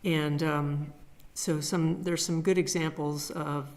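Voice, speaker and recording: Low, flat-voiced woman giving a planning update. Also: slow pace. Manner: hesitant, many fillers. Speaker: town planner. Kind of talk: meeting update.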